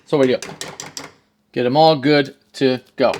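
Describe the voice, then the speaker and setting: Man of middle pitch, easygoing cooking-video host who cracks jokes at the camera. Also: steady tone, a little slow, darkish tone, a little hiss or hum. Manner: jokey, talks straight to viewers. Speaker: home cook. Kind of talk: casual cooking demonstration.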